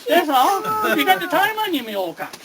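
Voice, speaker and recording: A man's voice: very high voice, very animated, fairly quick, very noisy. A man with a Newfoundland accent leading a playful screech-in ceremony, coaxing guests through dialect phrases with jokes. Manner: jokey, coaxing, teasing dialect lines. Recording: loud crowd around him.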